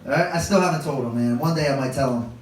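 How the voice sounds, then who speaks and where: This stand-up set features a fast-talking man in his thirties with a medium-pitched voice, spinning wry, self-deprecating stories on a club stage. The room is echoey, the mic distant, and the audience can be heard laughing.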